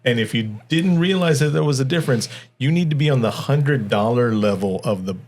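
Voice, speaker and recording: A man's voice: mid-range voice, expressive, fairly quick, darkish tone. A man co-hosting a movie review podcast in casual chat, rambling with stumbling restarts and frequent laughs. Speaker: podcast co-host.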